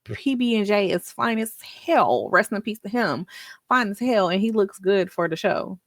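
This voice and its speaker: A woman commentator reacts to a clip, talking straight back to it in a casual, sassy way. She is recorded close and dry, with no room sound, and her voice sits at an ordinary mid pitch. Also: expressive, normal speed, no echo. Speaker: commentary vlogger.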